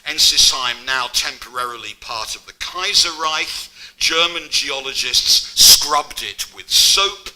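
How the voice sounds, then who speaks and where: A man's voice: mid-range voice, slow, sharp tone, poor audio. A middle-aged man giving an academic public lecture, mixing scholarly narration with wry asides.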